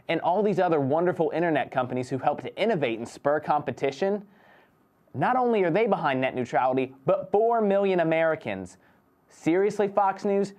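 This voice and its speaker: A man's voice: on the high side, a little mellow. A man in his twenties hosting a comedy show, delivering sarcastic monologue and a mock-dramatic tall tale. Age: 20s.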